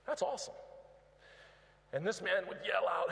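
A man's voice: high voice, animated, normal speed, vocal fry, fairly bright tone. A man preaching a sermon as a guest speaker in a large church, emphatic and prodding the congregation, often repeating words as he goes. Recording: reverberant big church hall.

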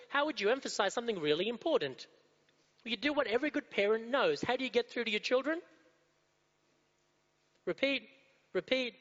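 Man preaching, rhetorical questions, high-pitched, long hall echo. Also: a bit bright. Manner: rhetorical questions, repetition, asks the audience. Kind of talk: sermon to a congregation. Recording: dull, muffled sound in a reverberant hall.

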